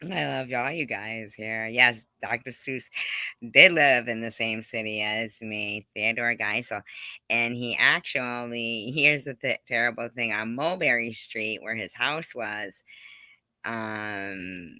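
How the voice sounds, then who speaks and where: Slow, giggly middle-aged woman streaming. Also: rumbling low, sharp tone, dry recording, clean studio sound. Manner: rambling and giggly, many fillers. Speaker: live-stream host. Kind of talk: casual live-stream chat with viewers.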